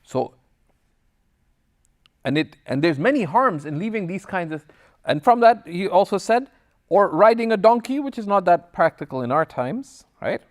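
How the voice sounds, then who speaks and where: The Islamic teacher heard here has a voice that sits high, and he speaks at a normal speed in a recorded class lecture. He teaches a religious class by reading Arabic passages, explaining them in English and recounting personal stories. He is energetic, alternating between text and explanation, and acts out dialogue in passing as he tells anecdotes.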